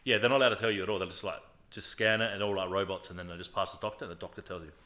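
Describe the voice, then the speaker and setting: A man's voice: low-pitched, steady tone, sharp tone. A young man, a podcast guest telling a personal story in casual, profane chat. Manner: swears freely, fast storytelling with acted quotes.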